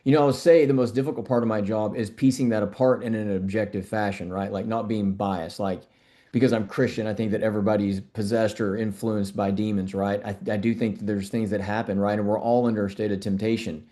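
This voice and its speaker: A man's voice: fairly low pitch, steady tone, a little fast, dark tone. A middle-aged man, a doctor being interviewed, talking earnestly and repeating words as he thinks. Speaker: functional medicine doctor, guest. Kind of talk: conversational interview.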